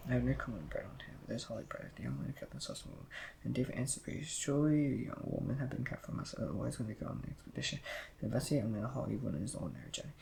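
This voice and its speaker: Guy racing through a bible reading, super gravelly voice, trips over words. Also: medium pitch, a little mellow, a little hiss or hum, poor audio. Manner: rushed reading with slips and restarts. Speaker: Bible reader. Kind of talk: reading scripture aloud.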